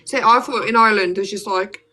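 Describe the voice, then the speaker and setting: A woman's voice: medium pitch, steady tone, fairly quick, bright, forceful tone, soft background music. A young woman with a Black Country accent, chatting casually on a phone livestream and filling her talk with "like". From Birmingham, England. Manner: chatty, lots of "like" fillers.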